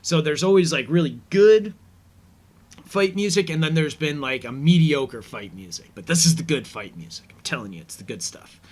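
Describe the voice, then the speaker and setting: Brief: male host, slightly high pitch, loose filler-heavy commentary talk. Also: animated, moderate pace, a little mellow. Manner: rambling, filler-heavy, easygoing. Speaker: podcast host. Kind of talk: casual episode commentary.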